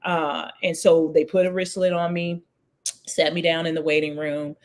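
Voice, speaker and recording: Woman, 40s, interview guest, storyteller who performs each quoted voice with high, sudden leaps. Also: normal speed. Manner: lively, acts out quoted voices with big pitch jumps.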